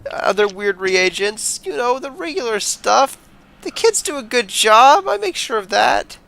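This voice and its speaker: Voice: mid-range voice, big pitch swings, measured pace, creaky, a bit bright, voice pushed up, heavily acted, poor audio. A game master putting on Herbert, a whiny crook. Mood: rambling. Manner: pleading, rambling, defensive. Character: nervous, whiny male criminal supplier.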